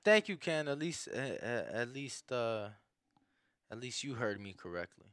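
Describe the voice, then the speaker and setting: A man's voice: mid-range voice, very animated, unhurried, a bit bright, clean tone, dry recording, studio quality. A young man co-hosting a casual podcast, talking in slang, saying "bro" a lot and often restarting his sentences. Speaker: podcast co-host. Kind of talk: casual chat.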